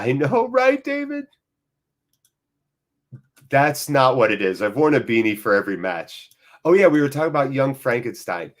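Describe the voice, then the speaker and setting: Excitable man hosting a football watchalong. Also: medium pitch. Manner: excitable, jumps between play-by-play and rambling asides. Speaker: host of a live football watchalong. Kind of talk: casual live match commentary and chat.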